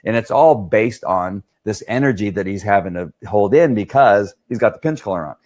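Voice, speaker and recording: A man, a dog trainer, talks loosely and at length in a lowish voice. He wanders through his points, repeats himself and keeps checking in with "right?". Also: lively intonation, normal speed, a little mellow. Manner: rambling, repeats "right?" often. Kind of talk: casual explanatory talk.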